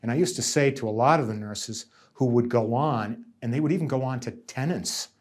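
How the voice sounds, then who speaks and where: Answering interview questions, a nursing union negotiator in middle age from central Massachusetts reflects on past events in a voice of ordinary middle pitch, talking a little fast. He is emphatic and repetitive, and he slips into the voices of others as he tells his stories.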